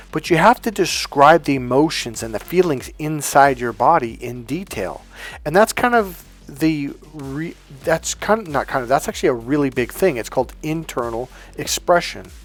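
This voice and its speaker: A man talking as a dating coach in a casual monologue, profane and animated, acting out the voices of the people he quotes, with faint music behind him. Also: on the high side, normal speed.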